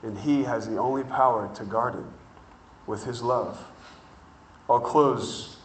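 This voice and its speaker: A man preaching a sermon, telling a story and acting out the people in it, building to excited shouting. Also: medium pitch, a little slow, roomy sound, distant mic, a little hiss or hum, rough recording. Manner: builds from calm to shouting excitement, acts out dialogue. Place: church hall with congregation.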